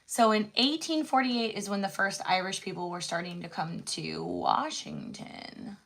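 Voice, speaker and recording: A woman's voice: mid-range voice, a little slow, gravelly, a bit bright. A woman chatting casually while she colors on a live stream, musing aloud and laughing easily. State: out of breath. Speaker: host.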